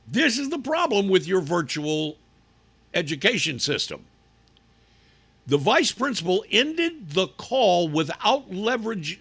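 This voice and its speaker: A man's voice: high voice, vocal fry, sharp tone, breathy edge. A male radio talk show host giving sarcastic, indignant commentary with emphatic delivery.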